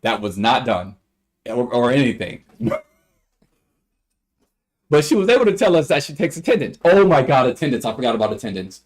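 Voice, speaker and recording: A young man on a casual livestream, rambling through a story and acting out the quotes in high voices. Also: sing-song, normal speed, long pauses. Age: young adult.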